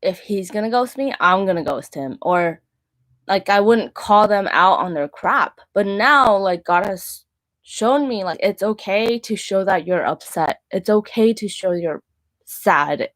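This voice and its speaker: A woman's voice: mid-range voice, expressive, measured pace, fairly bright tone. A woman in her thirties, the show's host, talking candidly about faith and dating and leaning often on "like". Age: 30s. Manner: candid, heavy use of "like". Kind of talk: personal faith talk.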